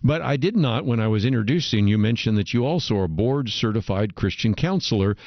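A man hosting a faith radio show, interviewing a guest in a measured way and listing points. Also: fairly low pitch, lively intonation, dry recording, highs cut off. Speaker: radio host.

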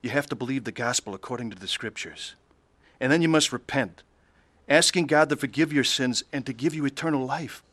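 A man's voice: medium pitch, brisk, a bit bright, dry recording. A man narrating his own faith testimony in an earnest, pleading way and acting out the scenes. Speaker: narrator of his conversion story.

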